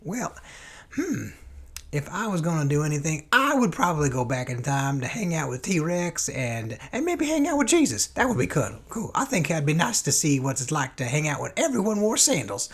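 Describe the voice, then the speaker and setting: Man voicing a folksy Southern guy, Southern US accent, husky, rambling, sing-song pitch swings, mock interview. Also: very animated, moderate pace, fairly bright tone, exaggerated voice. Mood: goofy. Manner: rambling, goofy, sudden jumps in pitch.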